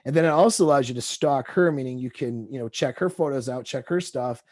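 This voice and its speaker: A man with an average-pitched voice works through text exchanges as a dating coach, reading lines aloud and commenting in a loose, rambling way. The sound is close and dry, with almost no room around it. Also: a little fast, darkish tone, dry recording. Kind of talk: casual commentary on text messages.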